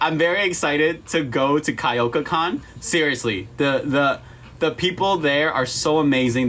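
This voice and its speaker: A man's voice: mid-range voice, a bit bright. A young man chatting casually to his viewers on a livestream, rambling, playful and swearing freely. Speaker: livestream host.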